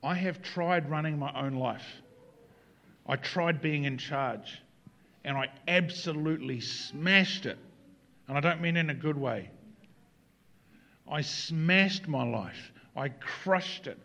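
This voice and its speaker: A man preaching a sermon in an earnest way, moving between quiet reflection and animated emphasis. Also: fairly high pitch, takes it slowly, long pauses. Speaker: pastor.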